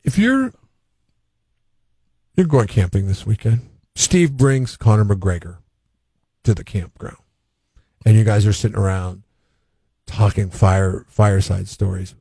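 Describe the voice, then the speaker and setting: Man, radio co-host, casual rambling banter, gravelly voice, dry studio. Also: lowish voice, lively intonation, unhurried, pauses often, mellow, no room sound. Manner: rambling, hypothetical storytelling.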